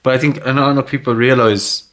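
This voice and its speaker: A man's voice: mid-range voice, steady tone, fairly quick, fairly bright tone. A man hosting a podcast, asking questions in hesitant casual chat. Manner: hesitant, many fillers and restarts. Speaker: podcast host.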